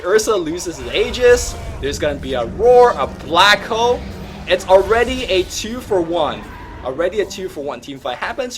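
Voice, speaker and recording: Energetic, joking man calling game replays. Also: high-pitched, normal speed, slight background noise. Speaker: host and caster.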